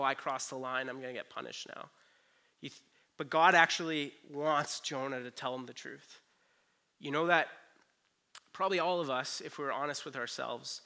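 A man in his thirties delivers a sermon with a bright, forward tone. He keeps it earnest and chatty and often drops in "you know" as he goes. His pitch sits in an ordinary middle range for a man. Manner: earnest, conversational, lots of "you know" asides. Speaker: pastor.

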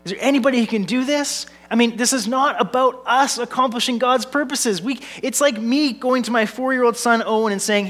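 A man in his thirties preaching from the pulpit with a notably high-pitched voice. He builds his points through repeated phrases and lightens the message with family anecdotes, staying earnest throughout. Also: brisk, hardly any pauses, fairly bright tone. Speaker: pastor. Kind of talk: sermon.

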